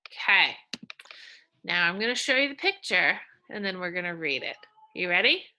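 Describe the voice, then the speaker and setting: A woman teacher giving a slow, coaxing reading lesson to young children, sounding out words in a sing-song way. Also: fairly low pitch, lively intonation, sharp tone.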